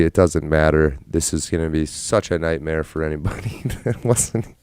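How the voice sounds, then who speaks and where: A man's voice: very deep voice, normal speed, darkish tone, clear, resonant tone, no room sound. A man hosting a casual livestream, rambling, swearing freely and poking fun at himself. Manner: rambling, profane, self-deprecating. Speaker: livestream host.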